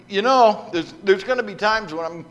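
A man preaching, voicing an older male pastor who briskly questions a young job applicant. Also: sits high, fairly bright tone, voice pushed up. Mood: questioning. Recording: reverberant hall with faint hum.

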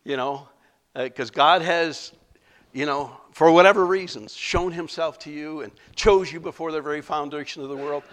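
A man's voice: a little high, a little slow, long pauses. Man preaching in a chatty, laughing way. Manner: conversational preaching with frequent laughs and fillers. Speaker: pastor. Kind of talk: sermon.

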